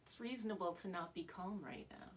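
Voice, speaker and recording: A woman guiding a relaxed meditation, speaking calmly and softly and often dropping into a hushed whisper. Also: on the low side, fairly quick, far from the mic. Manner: calm, soft, often slipping into a hushed whisper. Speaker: meditation guide. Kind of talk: gentle guided meditation talk.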